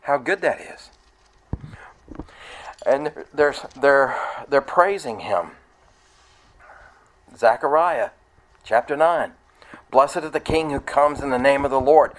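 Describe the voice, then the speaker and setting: Male preacher, mid-pitched, plain delivery, verse-by-verse sermon that sometimes builds to loud excitement. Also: slow pace, pauses often, poor audio. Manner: conversational, rising to loud excited retelling.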